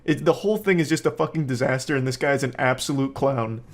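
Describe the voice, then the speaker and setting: A man's voice: medium pitch, fast talker. A man giving profane comedic commentary as a YouTuber, ranting with sarcastic exasperation and mocking people in put-on voices.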